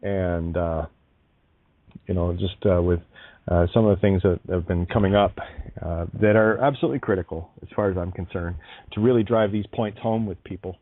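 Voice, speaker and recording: Low-voiced and talking at normal speed, this man runs an internet radio show where he swears, laughs, and restarts himself in a blunt, emphatic way. The audio is dry and tinny, phone-like, without any room sound.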